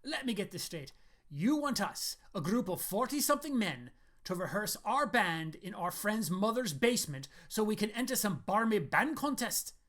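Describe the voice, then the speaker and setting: A man's voice: high voice, expressive, normal speed, fairly bright tone, pitched above the performer's own voice. A man voicing a dry, teasing middle-aged male artist with a Scottish accent, reading from a story. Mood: incredulous. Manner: wry, scoffing.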